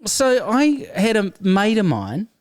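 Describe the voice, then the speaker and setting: Lively New Zealand comedian, dry sound. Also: male voice, high voice, takes it slowly, no echo. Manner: animated, laughing storyteller. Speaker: guest comedian. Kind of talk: casual interview storytelling.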